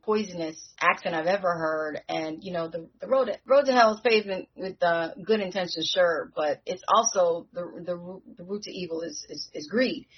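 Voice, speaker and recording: A woman co-hosting a podcast who recaps a TV show in casual chat, telling the story in an animated way with slang. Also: lowish voice, husky. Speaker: podcast co-host. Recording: dull lo-fi recording.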